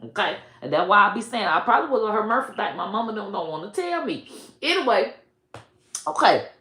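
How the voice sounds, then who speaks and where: A woman's voice: medium pitch, very animated, brisk, sharp tone, roomy sound. A woman comedian telling a profane, comic story and laughing between her lines.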